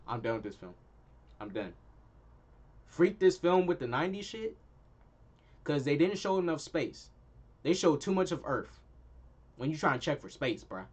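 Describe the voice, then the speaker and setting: A young man with a slightly high, breathy voice hosts his own channel, ranting about a movie in a heated, slangy review. He's emphatic and keeps repeating punchlines for effect.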